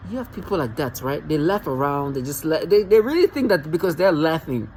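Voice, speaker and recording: A man's voice: on the high side, expressive, a little fast, darkish tone, a little hiss or hum, rough recording. A man vlogging alone in a rambling, agitated and mocking rant, often stumbling and restarting his sentences. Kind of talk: rambling monologue to camera.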